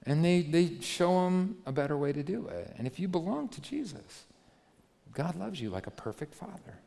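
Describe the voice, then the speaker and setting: A man preaching a sermon as a pastor, moving from hushed, gentle passages to loud, animated ones. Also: fairly high pitch, normal speed, vocal fry. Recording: long hall reverb.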